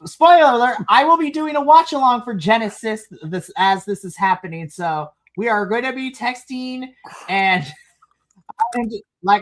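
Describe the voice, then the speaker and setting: A podcast co-host reviewing a wrestling show in casual chat, animated, with big swings in pitch and frequent laughs. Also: moderate pace.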